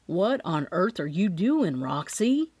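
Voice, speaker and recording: A woman voicing a calm, concerned grown man in an audiobook, speaking low and steady. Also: moderate pace, creaky, dry recording. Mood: exasperated.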